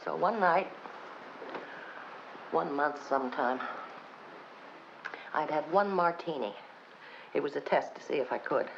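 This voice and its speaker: An actress playing a wry, bitter woman who drinks too much, talking in slow, theatrical swings from low murmurs to sharp high bursts. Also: expressive, vocal fry, full character voice. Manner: sardonic, theatrical, sweeping pitch swings. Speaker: actress in a filmed stage play. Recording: dull old film soundtrack with faint hiss.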